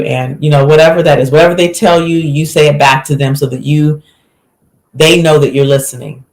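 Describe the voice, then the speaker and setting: Woman guest, lowish voice, animated storyteller, echoey room. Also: normal speed. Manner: animated storyteller, acts out quotes. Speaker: physician guest. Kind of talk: conversational podcast interview.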